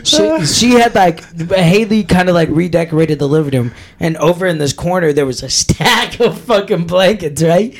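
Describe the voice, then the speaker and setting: A man's voice: high voice, expressive, normal speed, hardly any pauses. A man hosting a podcast, telling stories with lots of swearing and laughter. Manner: profane, laughing storyteller. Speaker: podcast host. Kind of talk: casual chat.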